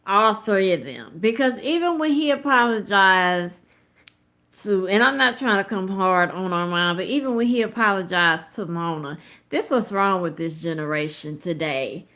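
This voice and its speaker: A woman in her thirties hosts a live commentary show, speaking straight to her viewers in a casual, conversational way. Her commentary is blunt, emphatic and full of profanity, delivered in an expressive, mid-range voice at normal speed with a fairly bright tone.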